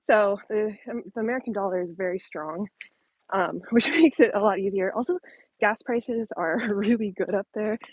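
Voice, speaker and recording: A woman with a mid-range, husky voice talks at a moderate pace while hosting a casual live-stream Q&A on her phone, held at arm's length as she walks her dog along an outdoor trail. She's a little out of breath, chatty, full of ums and likes, and laughs lightly. The audio is poor with no room sound.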